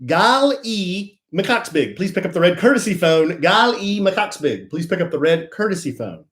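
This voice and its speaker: A man putting on the voice of an airport announcer paging a passenger, slow and formal, with the names drawn out. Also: high-pitched, expressive, a bit bright.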